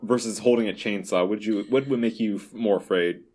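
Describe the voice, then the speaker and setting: A young man co-hosts a casual podcast chat in a somewhat low voice. He talks in an animated way and keeps dropping into loud joking voices. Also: a little fast, slight background noise. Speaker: podcast co-host.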